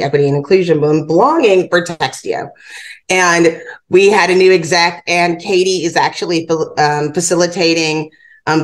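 Woman cohost, lowish voice, chatty, tells stories with quoted back and forth. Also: rough recording. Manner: chatty anecdotes, quotes dialogue. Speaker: podcast co-host. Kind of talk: casual conversation.

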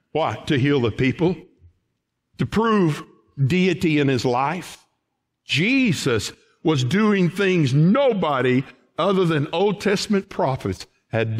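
Man, pastor, sermon, emphatic, lively pitch, unhurried. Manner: folksy, emphatic preaching with rising outbursts. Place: church sanctuary.

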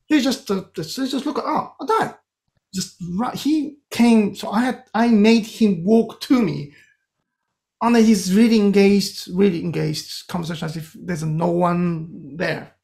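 A man with a Japanese accent, a composer talking as a guest in an interview, telling animated stories with many restarts. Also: high-pitched, a little slow, creaky. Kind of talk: casual interview storytelling.

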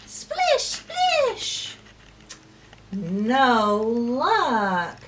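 A woman telling a rhyming story at circle time for preschoolers, slow and expressive, dropping to whispers and rising to calls. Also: high-pitched, recorded from a distance, a little hiss or hum. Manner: slow, sing-song and expressive, with big swings between whispers and calls. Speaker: preschool teacher.

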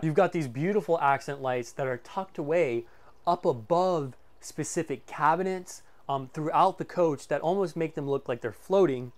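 A man's voice: a little high, darkish tone. Enthusiastic man giving a motorhome tour. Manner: enthusiastic, lots of fillers. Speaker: sales walkthrough presenter. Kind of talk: casual walkthrough tour. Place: inside a motorhome.

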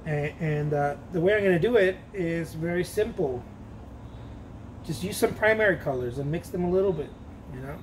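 Slight background noise accompanies a man with a fairly high voice speaking at normal speed as he paints for his art channel. Playful and self-mocking, he rambles, jokes about himself and laughs frequently.

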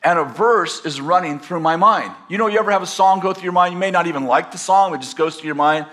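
A pastor telling a personal story to a live audience in a rambling, conversational way, with self-deprecating humor. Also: male voice, sits high, fast, a bit bright. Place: campus teaching session.

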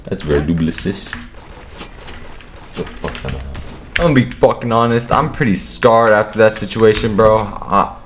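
A young man giving rowdy, profane commentary over his own gameplay, excitable and quick to burst into shouting. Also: on the low side, a little hiss or hum. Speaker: gaming video creator. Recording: echoey room with keyboard clatter. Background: keyboard clicks and typing.

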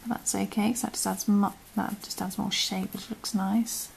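A British woman talks through a crochet tutorial in an easy, conversational way. Her voice has a gravelly fry, and her words often trail off into murmurs as her hands get busy. Soft clicks and a faint background hiss sit behind her. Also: medium pitch, level tone, normal speed. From United Kingdom. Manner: chatty, often trailing into murmurs and whispers while working. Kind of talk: casual step-by-step craft tutorial.

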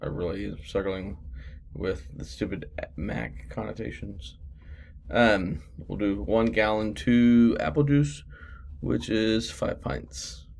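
Man, sixth grade math teacher, slightly low voice, casual rambling lesson. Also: steady tone, takes it slowly, gravelly, a little mellow. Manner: rambling, self-deprecating, filler-heavy.

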